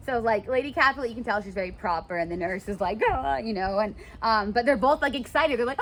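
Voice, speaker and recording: A woman teaching a class in a casual, animated way, full of fillers, in a classroom. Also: on the high side, quick pace, few pauses, a little hiss or hum. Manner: chatty, animated, many fillers. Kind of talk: classroom lecture with read-aloud passages.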